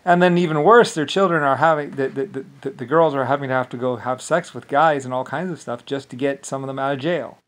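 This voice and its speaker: A man's voice: medium pitch, brisk, few pauses, a bit bright. Rambling, profane man ranting alone. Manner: profane, dismissive rant with frequent filler. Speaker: channel host. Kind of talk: rambling solo monologue.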